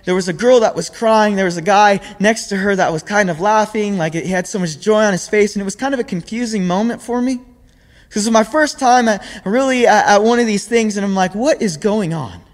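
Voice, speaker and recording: Earnest high-voiced young man preaching. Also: brisk. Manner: earnest, often repeats words mid-sentence. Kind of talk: sermon. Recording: long hall reverb.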